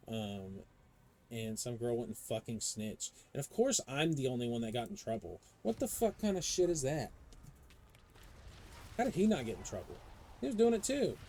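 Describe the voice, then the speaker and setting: A young adult man streaming a game, chatting casually and ranting in profane, animated stories. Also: medium pitch, a little hiss or hum, poor audio. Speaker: live streamer. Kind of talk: casual chat while gaming.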